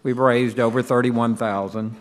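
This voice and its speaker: A man's voice: mid-range voice, fairly even intonation, normal speed. A man giving a casual, offhand fundraising update at a meeting. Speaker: fundraiser speaker. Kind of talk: casual announcement.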